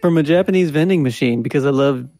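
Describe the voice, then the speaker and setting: A man's voice: on the high side, quick pace, warm tone. Hesitant man telling odd news. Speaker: podcast co-host. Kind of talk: comedic banter podcast.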